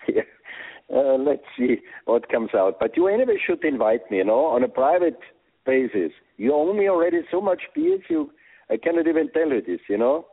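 A former soccer coach being interviewed over the phone, speaking earnest English with non-native phrasing. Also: male voice, on the high side, sing-song, moderate pace, slightly rough, no room sound. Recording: tinny phone line.

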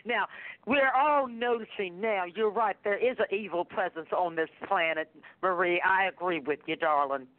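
A woman's voice: lowish voice, moderate pace, dry recording. A woman calling in to a radio show, comforting the host in a soothing, preachy way and calling her darling. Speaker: caller and fellow radio host. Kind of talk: comforting call-in talk. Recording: tinny phone line, dry.

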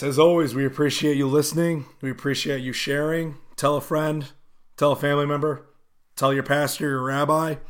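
A man co-hosting a casual sports podcast, telling stories loosely with lots of fillers. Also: a little high. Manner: loose storytelling with many fillers. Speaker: podcast co-host.

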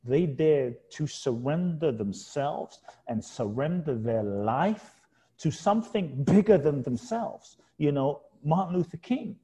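A man's voice: a little high, animated, takes it slowly, mellow. A middle-aged man, a guest author in an interview, telling a reflective personal story in an earnest, heartfelt way and repeating key words for emphasis.

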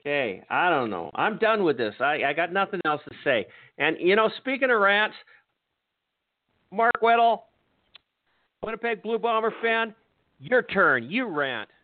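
A man's voice: high voice, very animated, unhurried, dry recording. Older man ranting over a tinny line. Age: 60s. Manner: profane, exasperated ranting. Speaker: podcast host. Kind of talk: angry sports rant. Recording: tinny phone-line sound.

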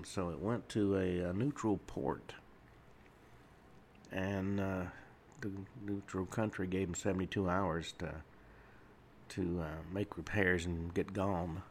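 A very deep, gravelly male voice, hosting a solo radio talk show from a studio. He rambles along with frequent pauses and restarts. A faint hiss of noise sits under the voice.

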